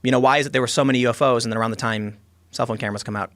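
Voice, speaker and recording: A man's voice: mid-range voice, steady tone, rapid-fire, a bit bright. A man chatting casually on a podcast in a studio, rambling and joking. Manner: rambling, jokey. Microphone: studio microphone.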